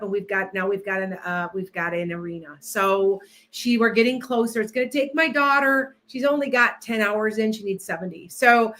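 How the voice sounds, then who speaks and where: A woman with a medium-pitched, fairly bright voice hosts a casual livestream and reads tarot. She rambles, gets sidetracked, and restarts repeatedly while setting up and talking with viewers.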